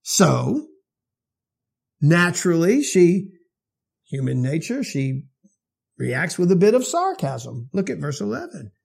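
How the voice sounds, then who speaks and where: A man's voice: a little high, very animated, slow pace, vocal fry, pauses often, husky. A male pastor preaching an expository sermon in a conversational way, often asking his listeners questions.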